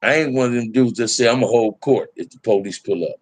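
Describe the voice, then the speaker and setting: A man's voice: medium pitch, fast talker, husky, no echo. A middle-aged man telling prison stories in casual talk to a live chat, candid and laid-back, full of street slang.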